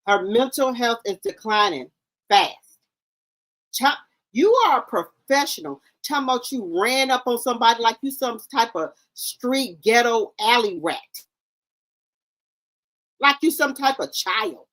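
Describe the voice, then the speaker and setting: A woman's voice: on the high side, lively intonation, unhurried, a bit bright, rough recording. A woman hosting a commentary channel, reacting to a clip in a scolding, exasperated, mocking way.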